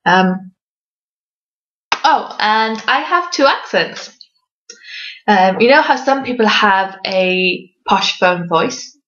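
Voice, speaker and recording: A woman from Wales with a fairly neutral English accent answers reader questions in a casual home vlog. She talks slowly and hesitantly, full of ums and little self-mocking laughs. The recording sounds dull and lo-fi. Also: medium pitch, lively intonation, fairly bright tone.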